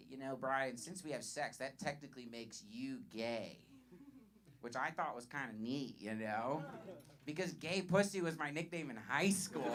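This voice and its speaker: A man doing a self-deprecating stand-up set with a small, high-ish voice, laughing at his own jokes. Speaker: stand-up comic. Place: comedy club with live audience. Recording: live club with audience noise.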